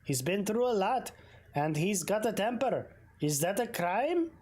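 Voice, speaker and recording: Woman playing a male mechanic, halting broken English with Spanish words, game role. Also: mid-range voice, sing-song, darkish tone, husky. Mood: defensive.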